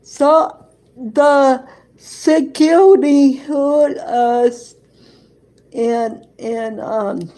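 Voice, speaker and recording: A woman tells a personal anecdote at a very slow, halting pace, stopping to restart and repeat words. Her voice sits a little high and sounds mellow. Her grammar is loose and she laughs often as she talks. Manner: non-standard grammar, dropped verbs and articles; laughs often while telling. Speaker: storyteller.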